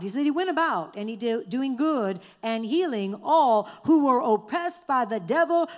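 A woman preaches with fervor, her voice sitting a little high. She repeats key lines and urges listeners to say them back. She speaks to a congregation in a church. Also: sing-song, normal speed, few pauses. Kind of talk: sermon.

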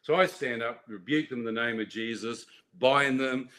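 A man telling his personal faith testimony in an animated way, acting out voices and laughing at his own story. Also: mid-range voice, moderate pace.

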